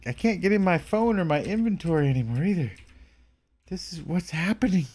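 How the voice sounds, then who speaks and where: A man commentating a video game as he plays, excitable and panicky, talking to himself, with game music behind him. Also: sits high, fairly quick. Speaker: let's play host.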